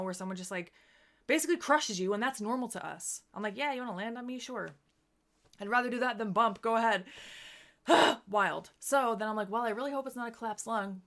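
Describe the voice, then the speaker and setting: A woman in her thirties, a streamer, telling a personal story in casual chat, quoting herself and others and swinging between hushed and loud. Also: medium pitch.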